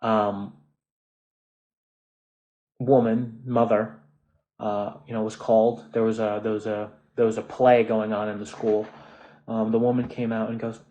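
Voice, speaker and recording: A man's voice: mid-range voice, steady tone, a little slow, long pauses, warm tone, poor audio. A man in his twenties with an American accent, ranting in a casual monologue, swearing often and restarting his sentences. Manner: profane, restless, frequent restarts and fillers. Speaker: vlogger.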